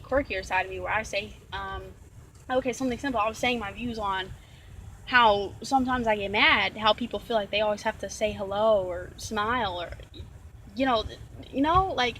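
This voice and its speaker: A woman's voice: on the high side, fairly bright tone, a little hiss or hum, poor audio. A woman venting in a casual vlog rant, rambling and exasperated, often repeating herself. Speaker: vlogger.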